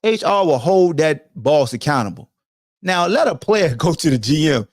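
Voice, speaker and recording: A podcast host delivers a casual sports commentary rant, lecturing and swearing freely. His fairly high voice swings widely in pitch at a moderate pace, recorded in studio quality with no room sound.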